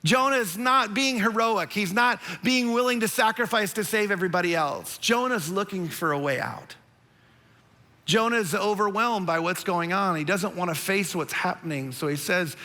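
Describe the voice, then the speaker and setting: A man preaching a sermon as a pastor, telling a story with animated emphasis and speaking softly and earnestly when he turns to his listeners. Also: high-pitched, moderate pace. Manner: drops to a soft, earnest tone when addressing listeners directly.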